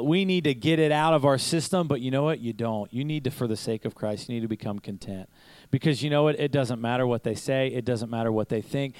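This man's voice sits at a medium pitch and carries a somewhat dark quality, captured in a dry, rough recording. He's a pastor giving a chatty sermon at a church service, weaving in stories and rhetorical questions with an occasional chuckle.

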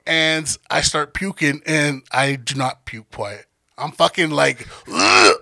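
Taking his time, a young podcast guest with a highish, gravelly voice recounts a foul-mouthed party story. He's animated, performs what each person said, and keeps laughing. It's studio quality with no room sound.

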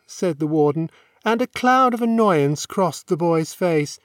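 A male narrator with a notably high voice reads a classic novel with measured, wry, elegant phrasing. The sound is dry and close to the microphone, with no room around it. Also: no room sound. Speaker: audiobook narrator.

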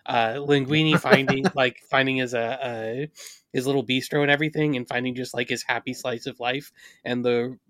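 A man co-hosting a casual movie podcast, speaking earnestly and pausing with "uh" to find words. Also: medium pitch, steady tone, a bit bright, no echo. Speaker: podcast co-host.

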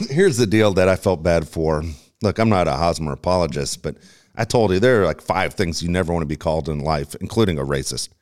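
A man's voice: low voice, animated, brisk. A man co-hosting a sports talk show, making his point emphatically. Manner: emphatic, argumentative, exclaiming. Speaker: sports radio co-host.

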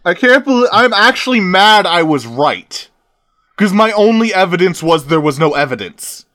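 A man giving casual watch-along commentary on a film, exasperated and yelling insults at the screen. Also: high voice, very animated, normal speed, dry recording, studio quality. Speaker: co-host reacting to a film.

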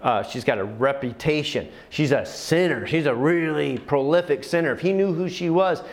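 A man's voice: a little high, normal speed, lightly acted. A man voicing an offended religious leader, indignant and gossiping in a scornful tone.

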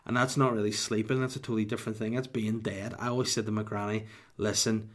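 A man's voice: on the low side, little pitch movement, fast talker. Rambling man hosting a podcast. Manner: rambling, self-mocking, joking asides. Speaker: podcast host. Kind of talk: solo podcast monologue.

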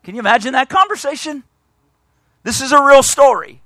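A man preaching a sermon, retelling a scripture story in lively everyday speech and often repeating his words. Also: very high-pitched, brisk, no echo.

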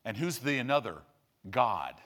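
A man preaching a sermon in an animated storytelling style, acting out quotes as he teaches. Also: mid-range voice, moderate pace.

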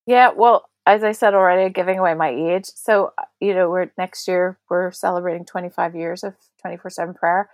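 Chatty Northern Irish woman, lowish voice. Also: steady tone, fairly quick, few pauses, dry recording. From Northern Ireland. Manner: warm, chatty, many fillers and restarts. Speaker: guest, prayer ministry leader. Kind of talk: reflective podcast interview.

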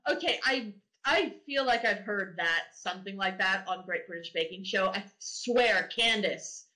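A woman who does voice acting, chatting as a guest on a podcast and giggling through quick asides. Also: medium pitch, bright, forceful tone, poor audio. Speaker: guest voice actor. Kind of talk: casual podcast chat.

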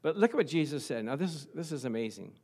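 A middle-aged male pastor preaching a sermon to his congregation, chuckling at times and building to loud, fervent passages of scripture. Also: fairly high pitch, big pitch swings, fast, breathy edge. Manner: chuckles often, talks to the congregation.

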